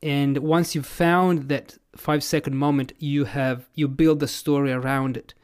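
A man hosting a podcast interview, asking curious, measured questions. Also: fairly high pitch, steady tone, clean tone. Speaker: podcast host.

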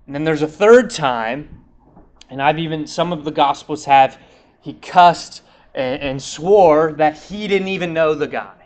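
Casual preacher man, slightly high voice. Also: measured pace. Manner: retells scripture in a casual, conversational way, acting out quotes. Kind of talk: sermon.

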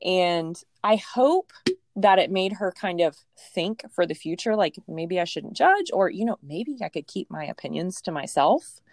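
A woman in her thirties telling a personal story in a casual, animated way, laughing often and acting out what people said. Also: fairly low pitch, unhurried, dry recording. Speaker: storyteller guest.

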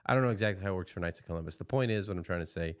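A young man co-hosting a casual podcast, explaining things in a dry, deadpan way and often trailing off into quiet mumbles. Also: low-pitched, racing. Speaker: podcast co-host. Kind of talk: casual chat.

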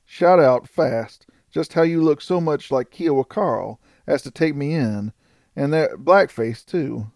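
A man voicing a coarse, desperate male outlaw in an audiobook, with rough frontier dialect. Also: fairly high pitch, slow, a little mellow, dry recording, studio quality. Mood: rueful.

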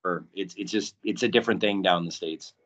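A man talking as a podcast guest and documentary producer, telling stories in a casual, animated way and acting out quotes, with many "right?" tags. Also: low voice, a little fast. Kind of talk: casual storytelling. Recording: dull lo-fi audio.

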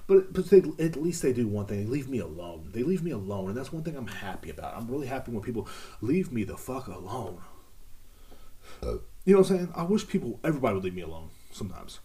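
A man's voice: mid-range voice, sing-song, quick pace, dark tone. A man hosting a casual solo podcast, rambling through jokey stories with lots of fillers. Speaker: podcast host.

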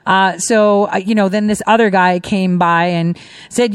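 A middle-aged woman hosting a casual commentary show, talking in an animated, emphatic way with mocking asides. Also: mid-range voice, measured pace, smooth, no room sound, studio quality. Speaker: host.

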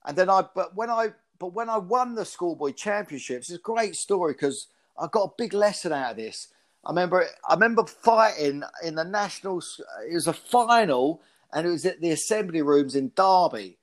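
A man's voice: sits high, normal speed. A man from the UK in his fifties, a former pro boxer telling stories in an interview, with frequent restarts. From United Kingdom. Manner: animated storyteller with frequent restarts. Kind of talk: casual interview storytelling.

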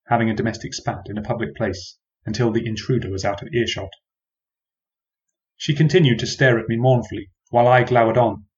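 A man's voice: on the low side, darkish tone, highs cut off. Wry man narrating an old-fashioned tale. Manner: measured, wry and old-fashioned formal phrasing. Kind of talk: first-person storybook narration.

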